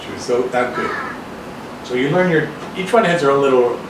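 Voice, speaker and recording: A man from Canada giving a casual talk to a small audience in a restaurant, rambling and animated, often acting out other people's voices. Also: medium pitch, moderate pace. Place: restaurant room. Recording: echoey room, distant mic, background noise.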